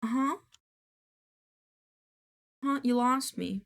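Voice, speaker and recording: A woman's voice: medium pitch, sing-song, unhurried, vocal fry. A woman streamer chatting casually while she works, goofy and playful, teasing and swearing freely. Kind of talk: casual live-stream chat while working.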